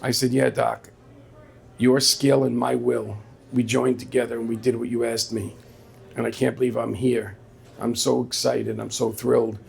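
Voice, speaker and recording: A man's voice: mid-range voice, flat delivery, normal speed, creaky, slightly rough. A man telling a personal story on stage at a live story slam, in a conversational way, quoting the people in it. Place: small venue with a live audience.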